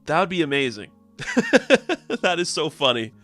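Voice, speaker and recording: A man's voice: fairly high pitch, expressive, moderate pace, pushed and bright, no room sound, soft background music. A young man enthusiastically recapping a comic book in casual chat. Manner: enthusiastic, chatty, laughs often.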